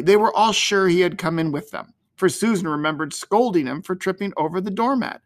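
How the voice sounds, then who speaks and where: A man narrating an old-fashioned storybook in an expressive, gently dramatic way. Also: high voice, a little fast, few pauses.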